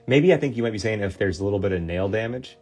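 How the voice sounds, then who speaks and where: A man's voice: lowish voice, lively intonation, fast talker, darkish tone, husky, soft background music. A man in his thirties with a Midwestern American accent, hosting a casual livestream and chatting loosely with viewers while he works, full of fillers and restarts. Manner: rambling, friendly, many fillers and restarts. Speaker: host of a card cleaning livestream.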